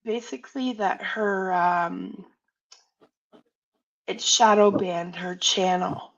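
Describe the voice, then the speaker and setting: Slow, gravelly woman hosting a stream. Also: medium pitch, fairly even intonation, dull audio. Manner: hesitant, many fillers, reads chat questions. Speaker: livestream host. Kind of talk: casual livestream chat.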